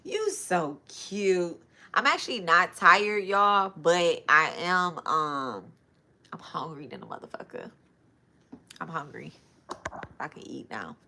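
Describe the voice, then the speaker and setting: Chatty woman hosting a live stream, low but bright voice. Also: animated, measured pace, gravelly, long pauses. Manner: chatty, loose and informal, addresses viewers as y'all. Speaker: spiritual reader and live-stream host. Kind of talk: casual live-stream chat.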